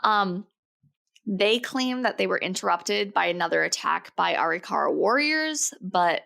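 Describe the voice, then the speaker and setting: A woman's voice: mid-range voice, expressive, unhurried, creaky, bright, forceful tone. A young woman co-hosting a podcast, telling a story in a loose, jokey way and laughing often. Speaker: podcast co-host. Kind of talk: casual storytelling chat.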